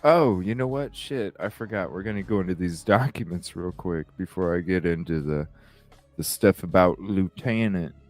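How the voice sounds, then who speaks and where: A man's voice: low voice, normal speed, soft background music. A man hosting a live podcast, chatting casually, laughing often and swearing as he rambles. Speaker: podcast host. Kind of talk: casual live-stream chat.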